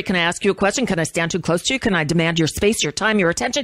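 A woman in her fifties, a radio host, reading an essay aloud with measured, impassioned delivery. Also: mid-range voice, animated, no room sound, clean studio sound.

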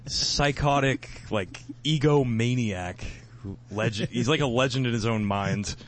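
A man hosting a podcast in casual chat, easygoing and quick to laugh, steering the conversation onward. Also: medium pitch, slight background noise. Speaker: podcast host.

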